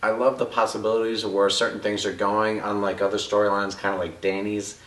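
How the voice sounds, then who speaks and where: A man's voice: fairly low pitch, flat delivery, fairly quick, a bit bright, recorded from a distance. A man giving a casual, jokey TV episode review with crude asides, loose and chatty. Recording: echoey room, voice a bit off-mic.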